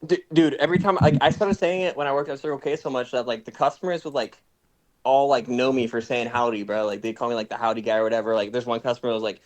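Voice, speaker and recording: A man's voice: mid-range voice, fairly even intonation, quick pace. A young man chatting casually with friends on a stream, his speech packed with slang and filler. He hops from point to point, tossing "bro" and "dude" into nearly every sentence. His delivery is loose and conversational. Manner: slangy, says "bro" and "like" constantly. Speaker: streamer host. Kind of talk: casual chat.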